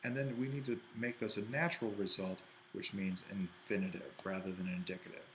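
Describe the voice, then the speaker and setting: A man's voice: deep voice, fairly even intonation, fairly quick, a bit bright, a little hiss or hum, low-quality recording. A man teaching an ancient Greek exercise, thinking aloud and correcting himself as he writes. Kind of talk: worked-exercise lesson.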